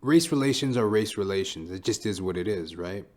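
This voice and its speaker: A man's voice: on the low side, lively intonation, brisk, a little mellow. A man hosting a solo podcast who talks in a rambling, profane and reflective way. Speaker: podcast host. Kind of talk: casual solo podcast monologue.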